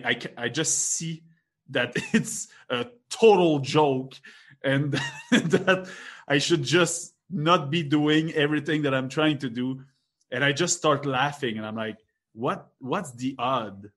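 A man's voice: medium pitch, slow, a bit bright. Chatty young man. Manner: rambling, laughs often, many restarts. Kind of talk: casual chat.

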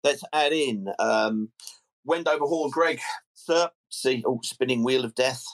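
Brief: easygoing phone-in host, measured, chatty, keeps callers moving. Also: male voice, mid-range voice. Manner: measured, chatty, calls people sir and mate. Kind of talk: fan phone-in presenting.

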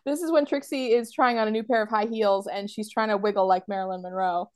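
A woman's voice: mid-range voice, fairly even intonation, fast, darkish tone, no echo. A woman hosting a podcast quiz among friends, talking casually, laughing often and acting out quoted lines. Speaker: podcast host running a quiz. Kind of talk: casual chat between friends.

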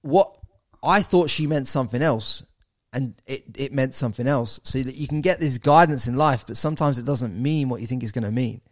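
An English man in his thirties, a podcast guest telling a story in casual chat, animated and swearing, with bro and mate thrown in. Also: mid-range voice, fairly quick, dry recording, studio quality. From England.

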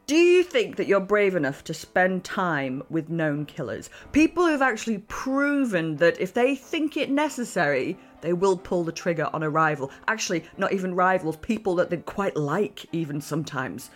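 A woman hosting a history podcast, telling the story in a playful, animated way. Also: lowish voice, moderate pace, few pauses, soft background music. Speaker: podcast host. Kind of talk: chatty podcast narration.

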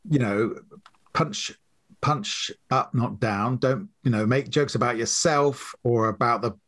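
A man who writes comedy, guest on a podcast, talking in a relaxed way with many fillers. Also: medium pitch, measured pace. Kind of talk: podcast interview.

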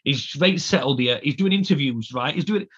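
A man's voice: on the high side, lively intonation, fairly quick, fairly bright tone, slightly rough, highs cut off. A man co-hosting a casual football podcast, ranting emphatically and repeating his points. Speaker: podcast co-host.

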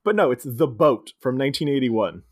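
A man casually recapping a film on a podcast, quoting characters in quick put-on voices. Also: mid-range voice, lively intonation. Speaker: podcast co-host. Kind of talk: casual movie recap chat.

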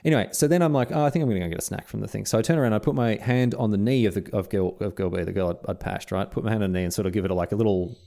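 With a fairly low, gravelly, warm voice, an Australian podcast co-host races through a rambling story with few pauses. Chatting casually, he interrupts himself and acts out the quoted dialogue.

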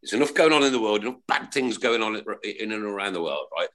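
Man, middle-aged, football podcast chat, animated storyteller, lively pitch. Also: quick pace. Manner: animated, storytelling, keeps asking "right?". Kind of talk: casual chat.

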